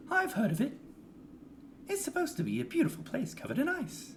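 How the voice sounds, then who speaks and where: A man's voice: very high-pitched, huge pitch swings, brisk, fairly bright tone, a little hiss or hum, pitched above the performer's own voice, heavily acted. A man doing a timid, stammering boy mage. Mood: wistful. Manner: shy, stammering. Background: faint game music.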